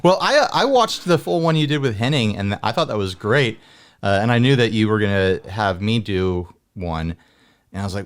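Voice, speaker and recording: A man's voice: lowish voice, lively intonation, normal speed. An American man chatting casually as a guest, joking and laughing often as he talks. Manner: jokey, laughs often, rambling. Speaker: guest guitar video maker. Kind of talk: casual chat.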